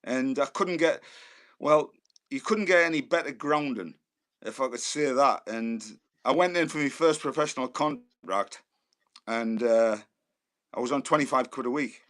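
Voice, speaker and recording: A man in his fifties with a Geordie accent, a former footballer telling lively anecdotes as a guest. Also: mid-range voice, normal speed. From Newcastle, England. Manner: lively storyteller who acts out the voices of others.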